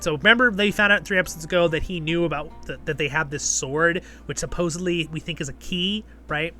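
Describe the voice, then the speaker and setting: A man's voice: fairly high pitch, pushed and bright. A man hosting his channel, casually recapping and reviewing a fantasy episode, rambling and often checking in with "right?". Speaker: show reviewer and channel host.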